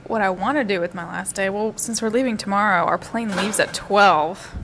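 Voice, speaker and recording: A woman's voice: mid-range voice, moderate pace, background noise. A woman from the northern US with a northern accent, a podcast guest chatting in a self-deprecating, laughing way in a restaurant. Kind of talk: casual chat.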